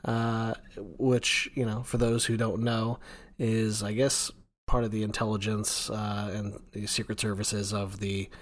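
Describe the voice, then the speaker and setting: A man's voice: lowish voice, level tone, measured pace. Young male podcast co-host, casual and jokey, rambles a bit while chatting. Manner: jokey, rambling, self-mocking.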